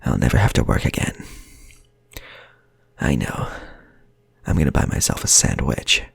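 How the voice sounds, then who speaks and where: A man voicing a cocky male bank robber in a low, half-whispered voice. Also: lively intonation, moderate pace, vocal fry, husky, no room sound, full character voice. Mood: pleased.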